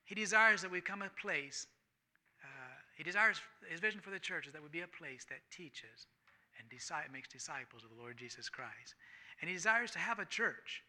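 A man preaching a sermon, swinging between loud emphatic lines and hushed near-whispers, and reading scripture aloud with rising fervor. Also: a little high, lively intonation, brisk. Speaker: pastor.

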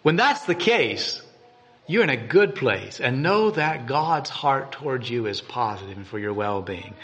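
A man's voice: mid-range voice, animated, a little slow, fairly bright tone. A man giving a devotional meditation and reading scripture aloud in an earnest way, often repeating and restarting words. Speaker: preacher.

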